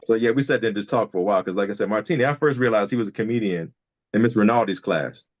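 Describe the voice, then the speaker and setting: Fast-talking man on a dull remote line. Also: fairly low pitch, no echo. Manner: rambling storyteller with many fillers and restarts. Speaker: podcast guest, DJ. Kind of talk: casual chat. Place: home over a video call.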